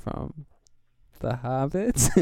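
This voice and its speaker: A man's voice: mid-range voice, animated, very slow, warm tone, no room sound, studio quality. A man chatting casually about a movie with friends, cracking playful teasing jokes. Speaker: co-host of a movie review chat.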